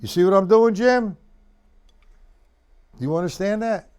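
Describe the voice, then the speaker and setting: A man teaching a drum lesson on a live stream, loudly calling out strokes and counts and talking casually to a student in between. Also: high-pitched, unhurried, clean tone, faint music behind.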